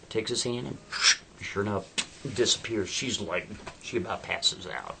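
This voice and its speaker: A man's voice: on the low side, measured pace, gravelly, pushed and bright, a little hiss or hum. A man casually retelling a story, loose and conversational.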